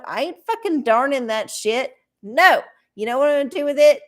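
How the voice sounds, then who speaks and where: A woman talks casually to her livestream audience, blunt and profane as she rambles from one gripe to the next. Her voice sits a little on the high side, and she mocks herself as readily as anything else. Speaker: livestream host doing oracle readings.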